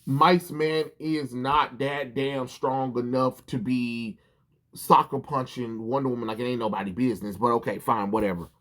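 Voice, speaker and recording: A man's voice: mid-range voice, steady tone, normal speed, fairly bright tone. Rambling, cussing comic reviewer man. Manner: rambling and profane, heavy with ums and restarts. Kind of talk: casual commentary vlog.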